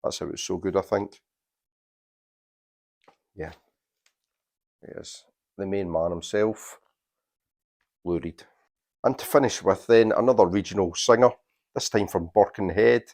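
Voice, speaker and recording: Male vinyl vlogger, low voice, chatty and enthusiastic, casual collection show-and-tell. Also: measured pace, long pauses, darkish tone. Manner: chatty, enthusiastic, shows records while talking. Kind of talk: casual record-collection vlog.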